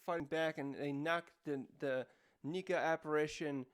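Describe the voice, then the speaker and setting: Speaking on the high side with a clean tone and fairly even intonation, a man hosts a casual manga review and recaps a chapter. He rambles and searches for words, using lots of fillers, and acts out character dialogue in quick, raised voices.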